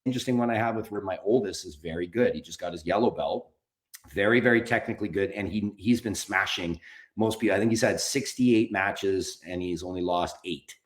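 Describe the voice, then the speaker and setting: A man in his forties, appearing as a podcast guest who produces documentaries, speaks in a low voice at a fairly quick clip. He talks candidly, rambles a bit, and swears casually. The recording has a roomy echo.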